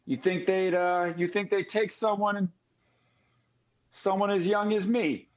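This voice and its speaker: A man's voice: high-pitched, level tone, unhurried, highs cut off, pitched above the performer's own voice. A man voicing a wary, streetwise orphan boy with a sarcastic drawl. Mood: guarded.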